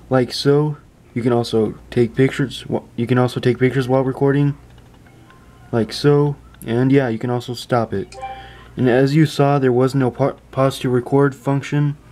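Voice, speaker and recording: A man's voice: mid-range voice, warm tone. A man giving a casual phone review indoors, chatty and stumbling over his words, often stopping to apologize. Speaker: tech reviewer.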